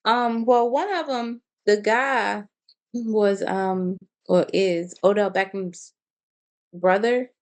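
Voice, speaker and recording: A woman co-hosts a casual podcast in a mid-range voice with a lot of vocal fry. She talks hesitantly and often pauses with ums while searching for words. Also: mid-range voice, fairly even intonation, darkish tone. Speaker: podcast co-host. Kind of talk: casual reality-TV recap chat.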